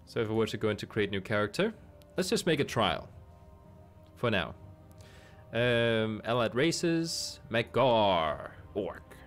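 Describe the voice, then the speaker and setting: A man's voice: fairly low pitch, very animated, unhurried, long pauses, a bit bright, faint music behind. A man streaming a game, chatting casually and thinking aloud with amused asides. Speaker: gaming streamer.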